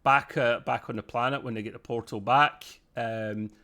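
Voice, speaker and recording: Excitable man recapping an episode. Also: mid-range voice, normal speed. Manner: excitable, laughs often while recapping. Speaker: podcast host. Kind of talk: casual episode review chat.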